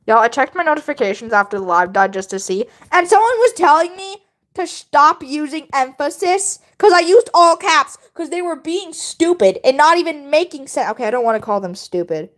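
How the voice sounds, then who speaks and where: A woman's voice: high voice, lively intonation, normal speed, fairly bright tone. A woman livestreaming while she draws, chatting casually and rambling to her viewers, often laughing.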